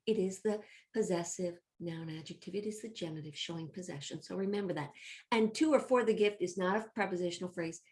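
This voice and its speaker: A woman's voice: on the low side, darkish tone. Upbeat woman teaching Latin to children. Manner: upbeat, encouraging, addresses children directly; chants word forms in rhythm. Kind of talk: recorded homeschool lesson review.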